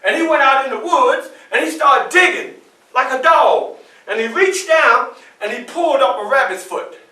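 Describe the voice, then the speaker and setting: A man performing as Frederick Douglass, telling his story in the first person with animated, often shouted storytelling to a live audience. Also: very high-pitched, normal speed, distant mic. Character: Frederick Douglass, a defiant young man escaping slavery. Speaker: historical portrayer. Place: public library event room. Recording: echoey room, mic from afar.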